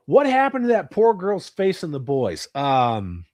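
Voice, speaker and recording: Foul-mouthed guy hosting a live stream from home, pitch jumps all over, dry close sound. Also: huge pitch swings, measured pace, a little mellow, dry recording. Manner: profane, joking banter. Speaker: livestream host. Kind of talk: casual chat with live viewers. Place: at home with his cats.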